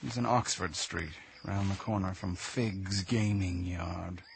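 A gravelly, icy schemer. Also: male voice, low-pitched, fairly even intonation, slow, a little hiss or hum, heavily acted. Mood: cold. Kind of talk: radio drama acting.

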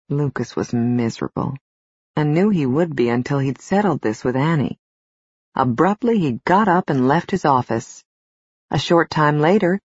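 A woman reading a romance novel as an audiobook narrator, in even, measured storytelling. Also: low voice, breathy edge, no room sound. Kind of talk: scripted narration. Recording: slightly dull, dry studio recording.

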